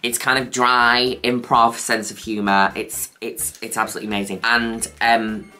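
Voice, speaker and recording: A woman's voice: very deep voice, little pitch movement, normal speed, pushed and bright, soft background music. A woman reviewing makeup in a casual vlog, gushing, cheeky and chatty. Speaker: makeup vlogger.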